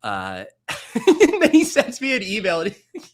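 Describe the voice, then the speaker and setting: A male host in casual live-stream chat, talking in quick, laughing banter. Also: high voice, huge pitch swings.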